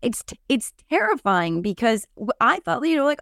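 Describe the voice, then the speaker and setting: Animated woman in casual political chat. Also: fairly high pitch, a little fast, no room sound, clean studio sound. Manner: animated, digressive, many fillers and restarts.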